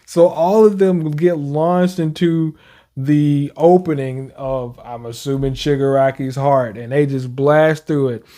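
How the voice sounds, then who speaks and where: A young man casually reacting to manga chapters, reading panels aloud with slang and quick laughs. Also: fairly high pitch, fairly even intonation, dark tone.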